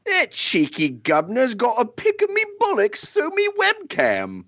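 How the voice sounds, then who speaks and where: Man doing a Cockney bloke, heavy put-on accent, cheeky slangy patter, wildly swooping pitch. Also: wildly swooping pitch, measured pace, a bit bright, highs cut off, exaggerated voice. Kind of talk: comic parody reading.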